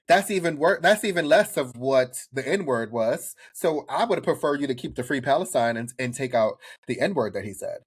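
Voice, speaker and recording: A male podcast co-host in casual conversation, speaking bluntly and with animation. His voice sits at an ordinary middle pitch. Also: expressive, normal speed, hardly any pauses, husky. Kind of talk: casual chat.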